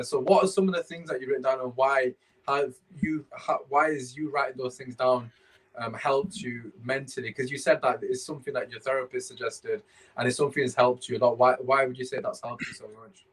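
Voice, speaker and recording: A man's voice: mid-range voice, fairly even intonation, normal speed, poor audio. A man hosting a casual podcast, rambling and restarting while he searches his phone. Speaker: podcast host.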